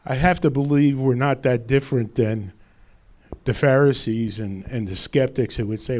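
A man's voice: mid-range voice, normal speed, darkish tone. A man preaching a sermon as pastor, quoting scripture with rising emphasis.

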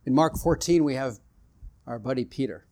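A man's voice: medium pitch, moderate pace, warm tone, a little hiss or hum. A man preaching a sermon, retelling scripture stories and acting out the quoted exchanges, building in intensity as he goes.

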